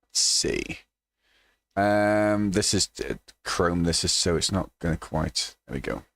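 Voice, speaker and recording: A man's voice: sits low, fairly even intonation, measured pace, a bit bright, dry recording. A man giving sweary, mocking reaction commentary on a cheap microphone. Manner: sweary, mocking, laughs often. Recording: dry cheap home mic.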